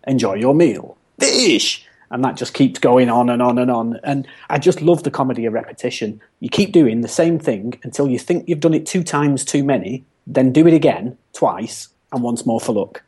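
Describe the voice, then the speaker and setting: A man's voice: mid-range voice, normal speed, hardly any pauses, mellow, husky. A man chatting enthusiastically on a podcast panel. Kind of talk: casual podcast chat.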